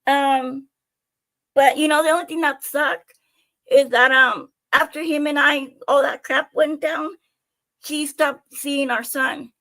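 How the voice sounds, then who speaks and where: A young woman streaming live, telling her own stories in an animated, chatty way with plenty of swearing and jokes at her own expense. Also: sits high, slow pace. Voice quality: animated, chatty, swears freely, self-mocking. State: out of breath. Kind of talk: casual storytelling to viewers.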